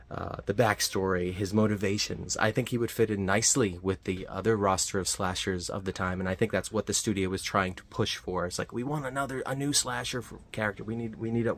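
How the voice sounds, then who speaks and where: Rambling low-voiced movie reviewer man. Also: a little hiss or hum. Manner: rambling, frequent fillers and restarts. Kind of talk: casual spoken film review.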